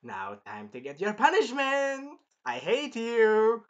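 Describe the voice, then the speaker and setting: Brief: man doing a bombastic king, loud, high and slow-drawn. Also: huge pitch swings, muffled recording, full character voice. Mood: ranting. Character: pompous hostile male king, ranting.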